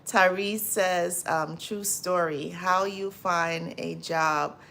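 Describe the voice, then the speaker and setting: A woman hosting a casual livestream, greeting viewers by name and reading their comments aloud, laughing loudly and often and repeating her phrases. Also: fairly low pitch, fairly even intonation, takes it slowly, vocal fry. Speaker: livestream host.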